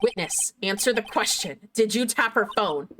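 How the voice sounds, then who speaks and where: A woman's voice: medium pitch, lively intonation, normal speed, fairly bright tone, slight background noise, close to an everyday voice. A woman voicing a stern, older male judge who speaks in formal rulings.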